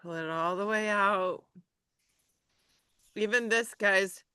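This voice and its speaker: Bubbly woman with a bright, crisp voice. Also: fairly low pitch, measured pace, dry recording, studio quality. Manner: bubbly, laughing, chatty. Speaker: health coach hosting a group session. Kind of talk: casual group chat.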